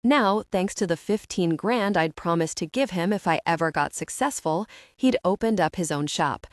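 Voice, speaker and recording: A woman's voice: lowish voice, animated, normal speed, dry recording. Woman reading an audiobook, dry sound. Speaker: audiobook narrator. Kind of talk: scripted narration.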